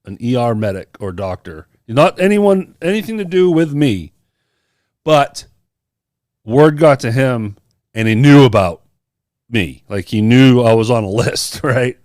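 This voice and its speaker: A man's voice: mid-range voice, expressive, measured pace, a little mellow, dry recording, studio quality. A man on a podcast telling a personal story in casual chat, acting out the people he quotes. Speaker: podcast co-host.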